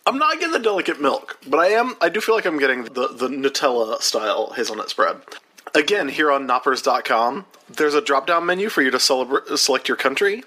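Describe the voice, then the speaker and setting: A man co-hosting a casual snack-tasting chat, excitable, sometimes reading from a website. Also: medium pitch, fairly quick, breathy edge. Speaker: podcast co-host.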